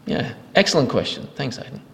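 A man leading a question-and-answer teaching session as pastor, explaining answers earnestly. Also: fairly quick. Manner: earnest, explanatory, thanks each asker. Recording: reverberant hall.

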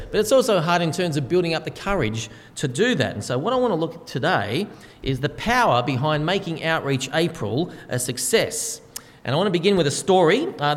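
A man pastor delivering a sermon in a relaxed, conversational storytelling way, with frequent fillers. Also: on the high side. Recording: long hall reverb.

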